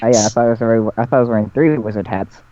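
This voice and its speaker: A man playing a tabletop game, speaking in a halting, stumbling way. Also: mid-range voice, highs cut off, over a noisy crowd. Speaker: player.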